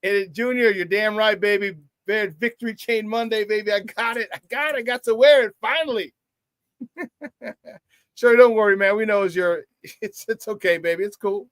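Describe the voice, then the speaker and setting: A man's voice: sits high, moderate pace, a bit bright, dry recording. A middle-aged man hosting a live morning sports talk show, hyped and boisterous, laughing often as he reads out viewer comments.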